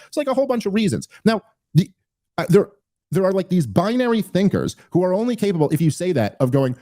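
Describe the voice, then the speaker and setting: A man hosting a podcast, giving casual political commentary in an animated, emphatic way with frequent restarts and fillers. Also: sits high, fast, no room sound, clean studio sound. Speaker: podcast host.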